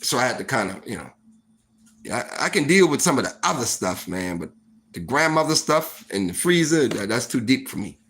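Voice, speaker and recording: Animated man telling a story. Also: mid-range voice, fairly quick. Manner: animated, profane, full of "like" and "you know". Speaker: storytime vlogger. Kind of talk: casual storytelling monologue.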